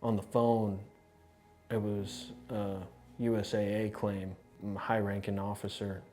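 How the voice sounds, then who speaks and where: A man, an insurance adjuster, telling his story for a documentary in a conversational, animated way with many restarts. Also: lowish voice, a little slow. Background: music.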